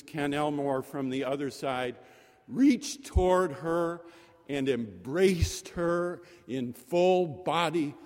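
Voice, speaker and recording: Slow preacher in a reverberant chapel. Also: male voice, on the high side, darkish tone. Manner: slow, deliberate, repeating phrases for effect. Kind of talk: sermon. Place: chapel during worship service. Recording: long reverb of a large chapel.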